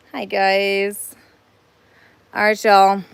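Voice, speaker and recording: In a dry recording, a woman with a medium-pitched voice that's gravelly yet clear and resonant hosts a relaxed live stream. Phone in hand, she walks an outdoor cat playground, chatting, rambling and laughing easily.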